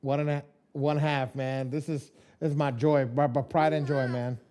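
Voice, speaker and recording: A man's voice: medium pitch, flat delivery, moderate pace, mellow. A man teaching a live online class from home, chatting loosely and telling jokey stories in slang. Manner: loose, joking storyteller with slang. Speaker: credit dispute trainer.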